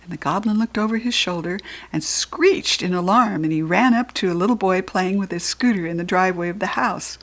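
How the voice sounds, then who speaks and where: A woman with an American accent reading a children's storybook aloud in a lively, expressive way. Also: lowish voice, a little fast, few pauses. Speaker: children's book reader.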